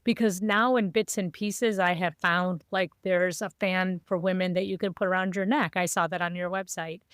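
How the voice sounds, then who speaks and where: A woman's voice: fairly low pitch, steady tone, normal speed, fairly bright tone, clear, resonant tone, dry recording, studio quality. A middle-aged woman hosting a podcast, asking questions curiously with small restarts. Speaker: podcast host. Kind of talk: casual interview chat.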